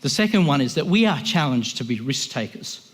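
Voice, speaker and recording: A man's voice: mid-range voice, very animated, brisk. A man giving an impassioned, emphatic sermon as a guest speaker, often voicing the people he quotes.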